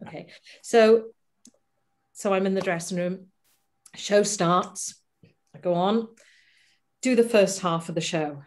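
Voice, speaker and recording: A middle-aged woman, a stage performer, telling lively anecdotes in a casual interview over a video call. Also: mid-range voice, unhurried, pauses often. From Wales. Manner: animated, laughing anecdotes with acted-out quotes. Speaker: guest performer.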